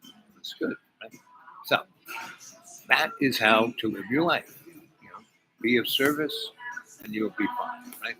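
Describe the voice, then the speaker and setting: A man's voice: mid-range voice, measured pace, pauses often, sharp tone, low-quality recording. A man vlogging to his viewers, telling a personal story in a rambling way, full of fillers and asides. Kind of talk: casual storytelling vlog.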